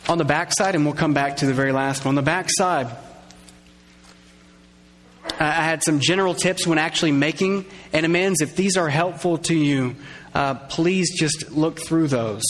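A man preaching a sermon, conversational and lively, acting out little quoted voices and drawing in his congregation. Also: fairly high pitch, normal speed, a little hiss or hum. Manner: conversational, acts out quoted voices, engages audience. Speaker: pastor. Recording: long reverb of a large hall.

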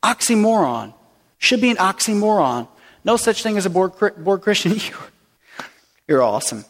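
A man with a high-pitched voice preaching a sermon from the front of a church, his words ringing through a long, reverberant hall. He keeps it playful and conversational, dropping in warm-hearted asides as he teaches. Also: big pitch swings, moderate pace. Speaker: pastor. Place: church sanctuary.

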